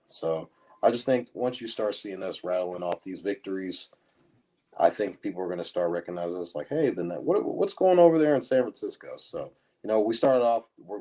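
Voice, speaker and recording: A man's voice: deep voice, darkish tone. A man co-hosting a casual sports podcast, talking in a sarcastic, mock-gloomy way and dropping "man" often. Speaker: podcast co-host.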